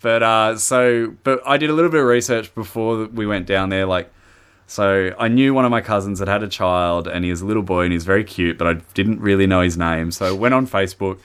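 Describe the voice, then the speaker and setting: A man's voice: fairly low pitch, brisk, clear, resonant tone. A man co-hosting a podcast, telling rambling, laughing anecdotes in casual chat. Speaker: podcast co-host.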